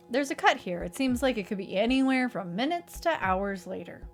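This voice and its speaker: Woman, horror visual novel narrator, second person, measured, mid pitch. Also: expressive, faint music behind. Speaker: streamer reading a visual novel.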